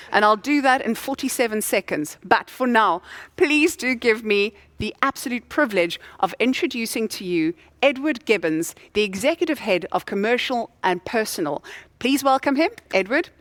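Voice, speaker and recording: A woman's voice: a little high, a bit bright, dry recording. A woman in her thirties from Cape Town, hosting an awards event with a chatty, playful, storytelling delivery. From Cape Town, South Africa. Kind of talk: stage hosting speech.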